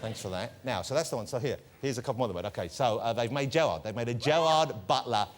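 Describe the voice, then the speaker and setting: A man's voice: medium pitch, fast. A man hosting a television chat show, joking and introducing guests theatrically. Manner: playful, jokey, theatrical introductions. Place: TV studio with live audience. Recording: loud studio audience and noise.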